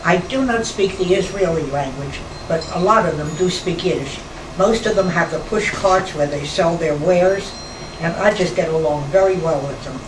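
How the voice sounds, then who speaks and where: A woman in her nineties from New York, reminiscing slowly in a rambling conversation with pauses and restarts. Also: on the low side. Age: 90s. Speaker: interviewee, former nightclub performer. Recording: roomy, distant mic, air-conditioner hum.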